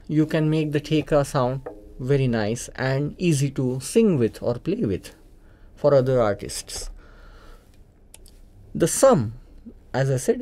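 Patient Indian male tabla tutor; warm, mellow delivery, repeats key points. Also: on the high side. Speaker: tabla teacher. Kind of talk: instructional explanation. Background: tabla playing.

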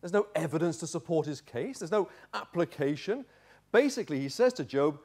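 A male pastor delivers a sermon in a voice pitched a little above the usual for a man. He reads scripture and turns it into lively storytelling, full of dramatic asides. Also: a little fast.

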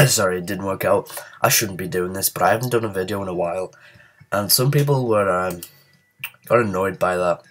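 Sick guy doing let's play commentary, really low voice, grumbling and cursing at the game. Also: normal speed, long pauses, sharp tone, a little hiss or hum. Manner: frustrated, mutters and swears at the game. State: ill. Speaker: gaming channel host.

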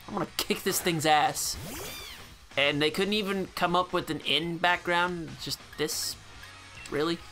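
A man's voice: a little high, bright, forceful tone. Sarcastic man with crude game commentary. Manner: sarcastic, crude, swears freely. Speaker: gameplay channel host. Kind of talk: casual gameplay commentary.

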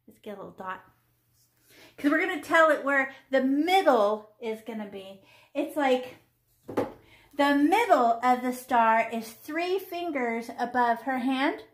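A woman's voice: sits high, a bit bright, roomy sound. A woman in her fifties teaching children to paint, playful and chatty, teasing the class and talking to herself as she works. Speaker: art teacher.

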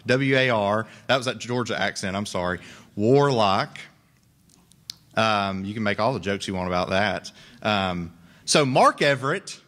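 A man's voice: mid-range voice, a bit bright. A young man, preaching a sermon as pastor in a conversational way with joking asides.

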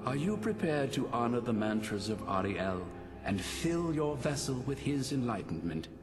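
A man's voice: mid-range voice, sing-song, moderate pace, close to an everyday voice. Guy doing a ghostly old shrine priest, solemn, ceremonial, fantasy game voice, music behind. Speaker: game character.

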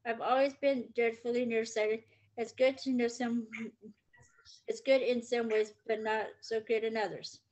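A woman voicing a kindly, proper female storybook spider who speaks calmly and a little formally. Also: on the high side, measured pace, close to an everyday voice, rough recording.

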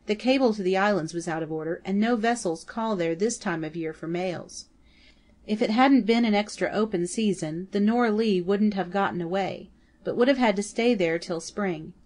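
A woman reading the lines of an excited man who brings news from the harbour, trembling and rushed. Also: medium pitch, lightly acted.

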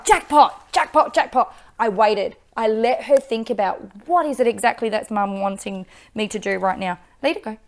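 An upbeat woman, teaching dog training and giving loud bursts of praise into a microphone. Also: on the high side. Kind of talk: instructional video with live dog training.

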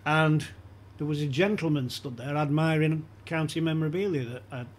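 A man's voice: fairly high pitch, moderate pace, slight background noise. A man telling a casual anecdote on a podcast, acting out quoted lines as he goes. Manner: animated anecdotes with quoted voices and laughter. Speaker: podcast guest. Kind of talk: casual storytelling chat.

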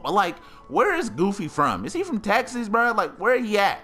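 A man giving excited gameplay commentary, slangy and trash-talking, with loud outbursts. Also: high-pitched, moderate pace, hardly any pauses. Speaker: gaming YouTuber. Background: game music.

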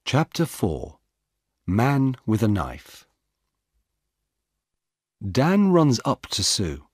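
A man narrating a simple story for English learners in a slow, clear, deliberate way. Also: medium pitch, wildly swooping pitch, no room sound.

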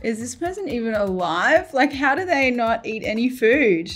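Giggly woman host with a higher voice. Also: animated, normal speed, faint music behind. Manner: giggly and playful, laughs often. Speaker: cooking channel host. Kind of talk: casual chat reading comments aloud.

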